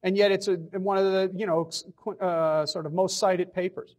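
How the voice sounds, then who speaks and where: A man's voice: high-pitched, fairly even intonation, normal speed, darkish tone. Emphatic man giving an economics lecture. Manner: emphatic, repeats key phrases, asks and answers own questions. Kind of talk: public lecture. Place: lecture hall.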